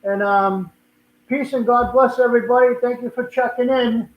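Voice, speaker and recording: A man's voice: very high-pitched, fairly even intonation, moderate pace. An older man with a Boston accent, hosting a casual live stream and chatting in a rambling way, often restarting his sentences. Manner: rambling, repeats and restarts words. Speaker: livestream host. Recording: echoey room, tinny phone-like sound.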